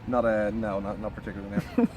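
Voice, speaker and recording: Fast-talking Dublin man outdoors. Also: on the low side, flat delivery, darkish tone. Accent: Dublin Irish. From Ireland. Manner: laid-back, dry and teasing. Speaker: stranger in a park. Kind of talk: casual chat. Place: outdoors in an urban park. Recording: outdoor street noise.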